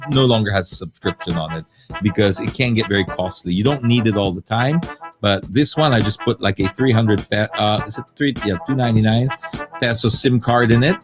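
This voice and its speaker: Chatty man telling a story on a live stream. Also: lowish voice. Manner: animated, acts out the people in his stories; conversational, with frequent asides and fillers. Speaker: host answering viewer questions.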